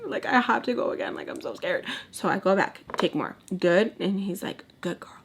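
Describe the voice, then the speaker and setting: A woman's voice: fairly low pitch, lively intonation, quick pace, gravelly, few pauses, slight background noise. A young woman in her twenties telling a candid story in casual storytime style, mixing in Spanish words and acting out quoted lines. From Texas. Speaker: storytime vlogger. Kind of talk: casual storytime while doing makeup.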